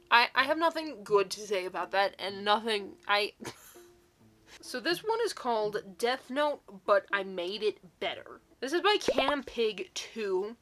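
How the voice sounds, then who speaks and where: A woman's voice: mid-range voice, a bit bright. A young woman reading silly fan fiction aloud in a mock-dramatic way, often breaking into giggles.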